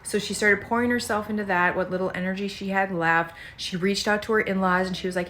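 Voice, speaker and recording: Woman podcast host, storytelling commentary, emphatic, animated, mid-pitched voice. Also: quick pace, few pauses, a little hiss or hum.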